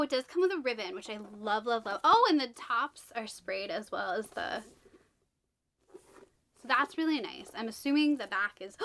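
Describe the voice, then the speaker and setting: A woman vlogging a book unboxing in a chatty, gushing way, full of exclamations and asides. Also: high voice.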